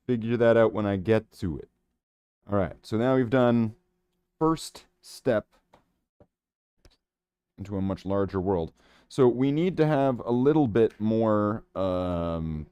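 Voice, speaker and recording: A man's voice: fairly low pitch, dark tone, smooth, no room sound, clean studio sound. A man talking casually while painting miniatures, rambling with jokey silly asides.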